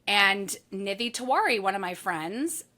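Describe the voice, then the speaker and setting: A woman's voice: mid-range voice, a little slow. A woman author being interviewed on a podcast, telling candid stories and acting out her own thoughts, swearing now and then. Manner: candid, animated storytelling with acted-out inner quotes and swearing. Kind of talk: conversational interview.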